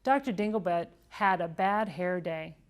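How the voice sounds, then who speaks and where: A woman voicing a brisk, proper schoolteacher in a storybook. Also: fairly low pitch, expressive.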